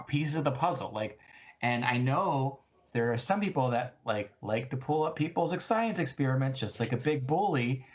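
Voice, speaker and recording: A man playing his character at a tabletop game, rambling excitedly and tripping over restarts. His pitch is middling. The sound is dull and lo-fi. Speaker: player.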